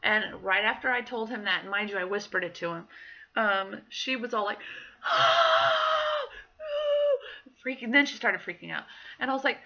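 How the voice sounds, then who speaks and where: Vlogger, woman in her thirties, bright chatty storyteller, slightly muffled home recording. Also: mid-range voice, fairly quick. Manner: chatty storytelling, acts out quoted voices. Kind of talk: casual personal diary vlog.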